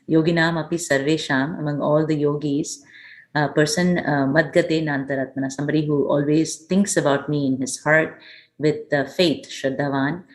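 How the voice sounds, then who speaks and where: A listener from the audience speaks up with a hesitant question. They pause often with fillers while reciting a Sanskrit verse and explaining what it means. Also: mid-range voice. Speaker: audience member asking a question.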